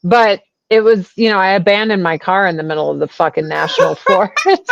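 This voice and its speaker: A woman in her forties, animated and crude, telling a story as a guest. Her voice sits in a middle range and comes through a dry, dull, lo-fi call line. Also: mid-range voice, a little fast, vocal fry, no echo. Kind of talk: casual storytelling chat. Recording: dull lo-fi sound.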